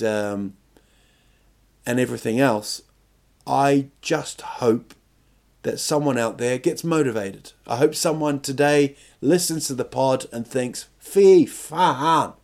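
A man's voice: mid-range voice, a little mellow. A man hosting a podcast, telling a comic story in a rambling, self-mocking way. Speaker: podcast host.

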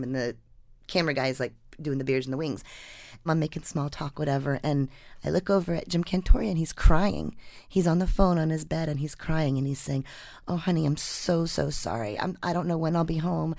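A woman reporter who first reads her own feature story aloud, then tells an anecdote in a casual, animated way. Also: sits low, creaky, dry recording. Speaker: newspaper reporter and guest.

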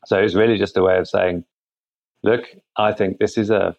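A man being interviewed remotely, answering thoughtfully in a halting way with frequent restarts. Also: low voice, fairly even intonation, gravelly, a little mellow. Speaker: guest, product founder. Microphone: remote internet call. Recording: muffled remote call audio.

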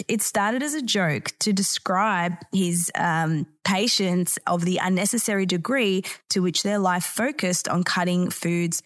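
A woman hosting a podcast, explaining a topic in a clear, educational way with lively emphasis on key words. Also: mid-range voice. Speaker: podcast host. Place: Bali.

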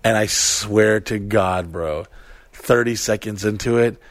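A young man, a podcast host, telling a story in casual chat, animated and profane, acting out his own reactions. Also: on the low side, measured pace, no room sound, clean studio sound.

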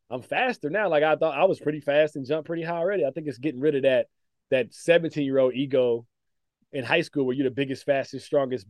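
Man, ex-pro basketball player, podcast guest, lively storytelling, dry close sound. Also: mid-range voice, no echo. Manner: animated storytelling, frequent "like" fillers and laughs. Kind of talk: casual podcast chat.

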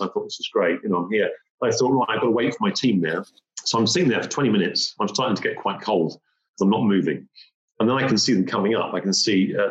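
In a gripping personal story told at a rapid clip, a man with a slightly low voice repeats phrases and acts out key moments. The audio sounds roomy and a bit muffled.

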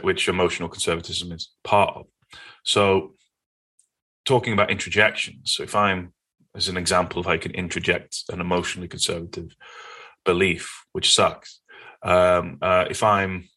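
A man with a Northern English accent, a guest in an interview, telling stories in an earnest, animated way. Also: low-pitched. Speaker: podcast guest. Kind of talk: conversational interview.

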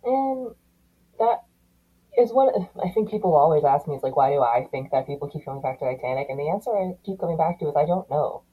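A woman hosting a casual podcast chat, thoughtful and animated as she talks. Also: deep voice, a little fast, husky, narrow, tinny audio. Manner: animated, thoughtful, occasional laughs. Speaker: podcast host.

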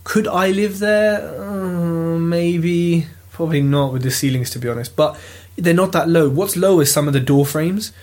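A British man telling a property auction story in a lively, casual vlog, swearing freely as he goes. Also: on the high side, measured pace, hardly any pauses. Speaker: property investor vlogger. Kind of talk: casual chat.

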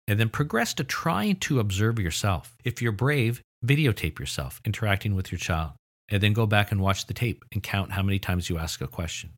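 A man giving a lecture on how children learn language, in a low, slightly husky voice. He explains steadily and lifts his voice to stress the key points. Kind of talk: recorded lecture.

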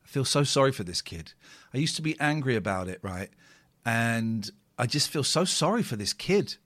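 Lively bright-voiced British man streaming. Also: mid-range voice, moderate pace. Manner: chatty, jokey, sardonic, rambling with repetitions. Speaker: streamer reacting to old clips. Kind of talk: casual live-stream commentary.

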